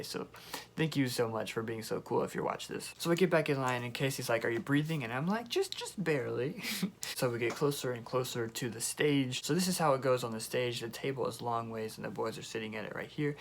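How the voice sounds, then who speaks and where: A young man telling a storytime vlog, excitable and rambling, with lots of filler words. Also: mid-range voice, gravelly, slight background noise. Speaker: YouTuber.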